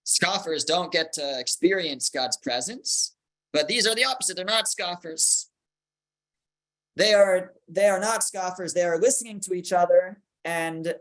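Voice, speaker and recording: A man teaching a Torah class as a rabbi, explaining slowly with repeated words as he thinks and Hebrew terms mixed in. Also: high-pitched, pushed and bright, poor audio.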